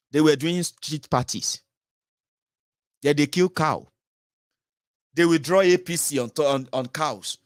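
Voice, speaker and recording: A man from Nigeria with a Nigerian accent, hosting a political commentary show in an animated, mocking monologue that mixes English, Pidgin and Yoruba. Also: fairly high pitch, takes it slowly, long pauses, dry recording, studio quality.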